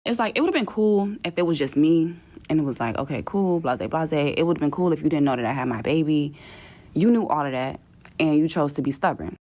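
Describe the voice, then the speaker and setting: Low-voiced woman ranting, profane and exasperated. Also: lively intonation, darkish tone. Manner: profane, exasperated, mimics others in quick asides. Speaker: vlogger telling a travel story. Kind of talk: casual storytelling rant.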